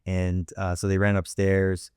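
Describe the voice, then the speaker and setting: A man's voice: low-pitched, monotone, a little slow, darkish tone, clean tone, no echo, studio quality. A middle-aged man hosting an interview, telling a family story with many restarts and acted-out voices. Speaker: host.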